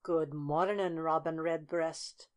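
A woman voicing a sly, wily old male fox who speaks smoothly and flatteringly. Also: sits low, slow pace.

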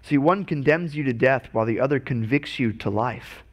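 A man's voice: medium pitch, moderate pace. A man preaching a sermon as pastor, earnest and often stumbling over and repeating his words.

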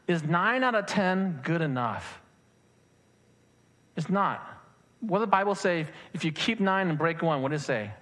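A middle-aged man, a pastor, preaching a sermon with lively rhetorical questions to his congregation. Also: a little high, unhurried, long pauses. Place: church sanctuary.

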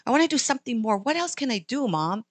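A woman's voice: on the high side, very animated, fast talker, no echo, pitched above the performer's own voice. An earnest little girl with a lifted, childlike voice, pleading and caring, as a woman storyteller puts her on. Her voice is dry and close, with no room behind it. The figure comes from a children's story told in church. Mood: worried.

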